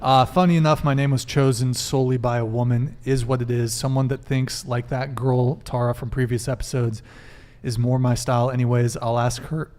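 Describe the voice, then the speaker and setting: A man's voice: mid-range voice, level tone, a little fast, darkish tone. Man hosting a live dating panel. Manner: reads viewer messages aloud and questions guests. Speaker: host.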